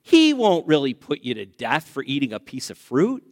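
A man voicing a sly, mocking male serpent who coaxes in a low, sneering tone. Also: huge pitch swings, moderate pace. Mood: coaxing.

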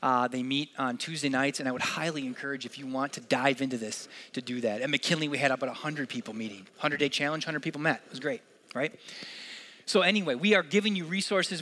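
A man's voice: mid-range voice, sharp tone. A man preaching a sermon as pastor, conversational and earnest, with casual asides.

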